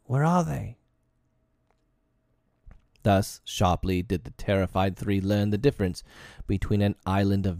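A man narrating a classic children's novel aloud in a measured storytelling manner. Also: sits low, mellow, dry recording, studio quality.

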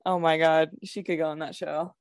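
A woman's voice: sits low, little pitch movement, normal speed, no echo, clean studio sound. A woman co-hosting a casual podcast chat, easygoing and a little hesitant. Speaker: podcast co-host.

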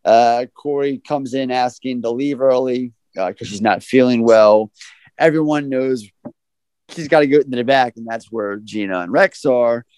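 A man's voice: medium pitch, normal speed, a little mellow, clear, resonant tone, no room sound, low-quality recording. A man hosting a podcast, casually summarizing a film's plot in a loose, profane way. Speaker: podcast host. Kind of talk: casual film recap chat.

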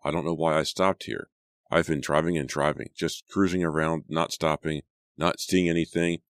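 A man's voice: a bass voice, level tone, normal speed, no echo, clean studio sound. A man voicing a bitter, sarcastic teenage boy. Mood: subdued.

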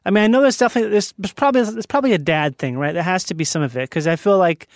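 A man chatting casually as a podcast guest, jokey and animated, talking in loose run-on thoughts. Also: sits high, rapid-fire, slight background noise.

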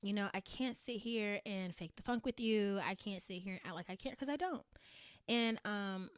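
A woman's voice: mid-range voice, normal speed, smooth, dry recording, studio quality. A woman hosting her own podcast in a candid solo monologue, blunt and emphatic, repeating phrases for punch and swearing casually. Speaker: podcast host.

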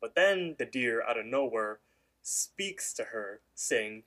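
A man's voice: mid-range voice, animated, unhurried, bright, forceful tone. A man co-hosting a podcast, loosely retelling a cartoon episode with lots of fillers. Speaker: podcast co-host. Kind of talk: casual episode recap.

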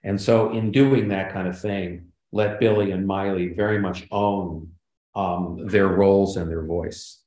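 A man's voice: deep voice, steady tone, unhurried, a little mellow. An older man, a guest in a casual interview, telling stories animatedly and acting out quoted lines. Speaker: guest, sitcom writer and producer. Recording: roomy echo.

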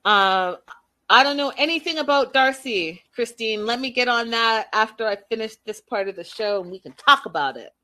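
A woman's voice: fairly high pitch, expressive, moderate pace, sharp tone. A woman hosting a casual recap of a reality show, reading viewer comments aloud and giving chatty, opinionated takes. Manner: chatty and opinionated, with frequent fillers.

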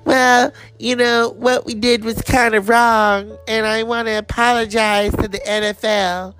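A man's voice: sits high, little pitch movement, measured pace, a bit bright, clean tone, faint music behind, pitched above the performer's own voice. A man voicing an apologetic young male pop star, mock-sincere.

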